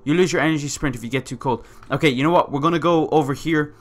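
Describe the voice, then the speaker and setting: A man giving let's-play commentary, excitable and swearing often as he reads on-screen text aloud. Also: on the high side, quick pace. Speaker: gamer playing a survival game.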